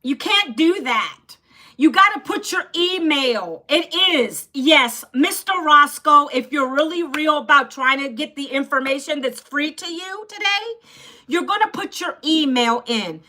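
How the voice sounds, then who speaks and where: A woman in her fifties hosts a live stream with a high, bright voice. She talks loudly, close to yelling. She addresses viewers in the chat head-on and scolds them bluntly. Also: expressive, measured pace. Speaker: livestream host selling an online program.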